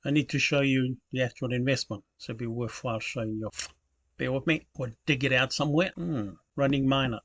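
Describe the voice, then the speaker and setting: A man's voice: medium pitch, brisk, a bit bright. A man hosting his channel, talking casually through a screen recording with many fillers and self-corrections. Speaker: channel host.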